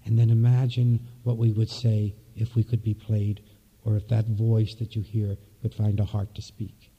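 A man, the minister of a church, preaching a reflective, unhurried sermon in a soft-spoken way. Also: fairly low pitch, completely flat delivery, slightly rough. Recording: dull lo-fi recording.

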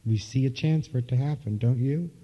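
Man, minister, sermon, reflective and soft-spoken, husky voice, dull lo-fi recording. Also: mid-range voice, fairly quick.

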